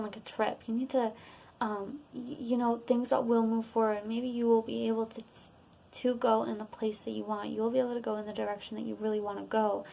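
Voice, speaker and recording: A woman's voice: on the high side, gravelly, rough recording. A young woman giving a casual, rambling tarot reading to her viewers, full of fillers. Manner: rambling, relaxed, many fillers. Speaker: tarot reader.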